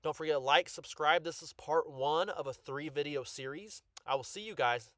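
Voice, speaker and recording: Brief: excitable male collector-vlogger, voice on the high side, rambling with lots of ums, dry close recording. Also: moderate pace, no room sound. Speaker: card collector YouTuber. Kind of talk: casual collection showcase.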